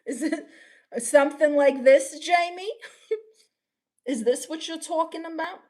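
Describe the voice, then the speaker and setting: A woman's voice: high-pitched, moderate pace, mellow, pitched above the performer's own voice, close to an everyday voice. A woman voicing a cheery British man in an exaggerated sing-song put-on accent. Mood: jaunty sing-song.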